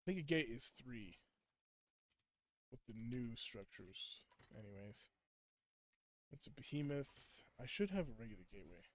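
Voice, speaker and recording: A man's voice: medium pitch, very animated, unhurried, long pauses. A young man streaming a game and chatting casually with viewers, ranting at them in playful mock indignation. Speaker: gaming streamer. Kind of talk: casual live gameplay chat.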